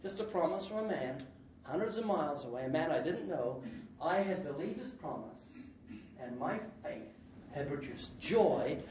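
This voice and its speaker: A man preaching a sermon with lots of jokes and his own laughter, breaking into sudden loud outbursts. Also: on the high side, animated, normal speed. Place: church hall. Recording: echoey hall, distant mic, faint noise.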